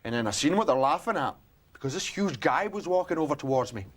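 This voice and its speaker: A man's voice: on the high side, lively intonation, quick pace. A young man with a Scottish accent telling a comic story in character, chatty and self-mocking, acting out the other voices. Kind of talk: theatre monologue.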